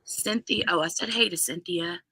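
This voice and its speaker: A woman's voice: on the low side, moderate pace, pushed and bright, breathy edge, no room sound. A woman hosting a casual live stream, chatting and greeting viewers by name. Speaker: livestream host.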